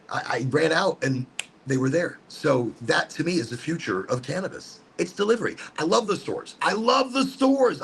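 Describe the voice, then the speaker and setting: Animated, gravelly man giving pep talk. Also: fairly high pitch, slight background noise. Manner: rambling, upbeat, preachy. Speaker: host. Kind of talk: casual motivational smoke-session talk. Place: outdoors in a hot botanical garden.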